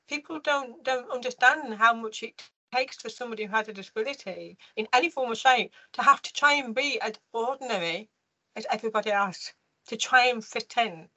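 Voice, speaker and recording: A slightly high-voiced British woman shares her life story in an interview, animated and prone to restarting sentences and using fillers, all captured on poor audio.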